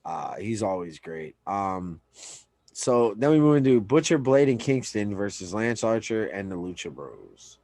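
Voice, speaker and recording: A man's voice: fairly low pitch, big pitch swings, a little slow, darkish tone, dry recording. A man co-hosting a podcast, reviewing wrestling in a loose, profane casual chat and often trailing off mid-sentence. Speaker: podcast co-host.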